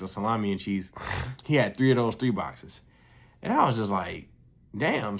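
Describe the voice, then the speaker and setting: Animated, profane storytelling man. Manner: animated, profane, jumps his pitch up when quoting others. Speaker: vlogger telling a story. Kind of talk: casual storytelling monologue.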